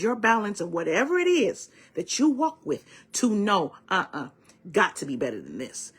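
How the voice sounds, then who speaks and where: Woman, spiritual guide, oracle-card message, emphatic, preachy, slightly breathy, medium pitch. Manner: emphatic and preachy, calls listeners baby and my loves.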